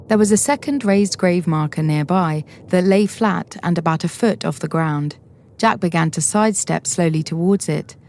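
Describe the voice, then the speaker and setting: Mellow woman reading a story. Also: low voice, normal speed. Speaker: audiobook reader. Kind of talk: scripted story narration.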